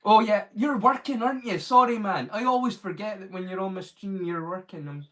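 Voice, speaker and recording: Chatty high-voiced man hosting a stream. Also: a little fast. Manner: chatty, rambling, reads chat aloud. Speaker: live-stream host. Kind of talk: casual live-stream chat.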